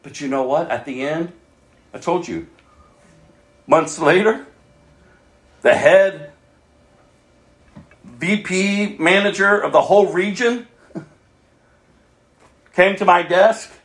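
A man preaching a sermon, moving from loud calls to hushed, near-whispered asides. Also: sits high, takes it slowly, long pauses, echoey room.

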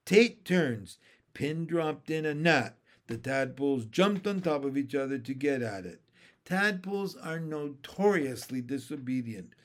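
A man reading a children's storybook aloud in a lively, unhurried way. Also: on the high side. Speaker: reader.

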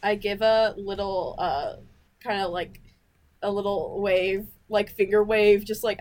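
A woman's voice: mid-range voice, unhurried. A woman playing a tabletop game, hesitant and full of fillers. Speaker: player.

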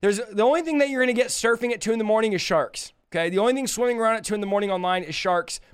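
A man preaching emphatically while answering viewer questions on a live stream, his voice rising to loud exclamations. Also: sits high, very fast, clean tone.

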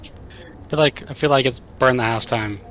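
A man playing a tabletop game, speaking in a slow, drawling way. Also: medium pitch, fairly bright tone, a little hiss or hum, low-quality recording. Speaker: player. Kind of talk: tabletop role-play.

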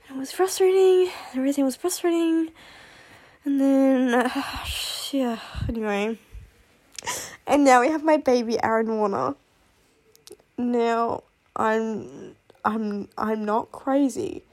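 A woman's voice: high voice, animated, measured pace, long pauses, a little mellow. A woman chatting casually about books she loves and hates. She rambles and gushes, swears freely, and breaks into laughs and sighs. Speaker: booktuber reviewing fictional love interests. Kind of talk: casual chat.

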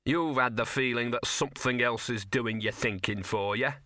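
A man's voice: medium pitch, moderate pace, bright, forceful tone, no room sound, studio quality, lightly acted. A man voicing a scruffy, sardonic male talking dog who grumbles in slangy street talk. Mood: wry.

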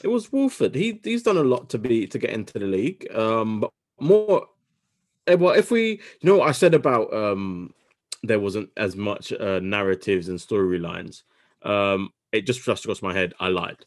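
A man hosting a casual sports podcast, talking quickly and correcting himself as he goes. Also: fairly low pitch, sing-song. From United Kingdom. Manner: quick, self-correcting, talks over himself. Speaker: podcast host.

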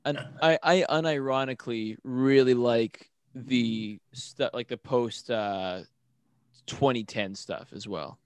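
A man's voice: medium pitch, takes it slowly, clean tone, dry recording. A man in casual chat who talks hesitantly and repeats himself as he gets going.

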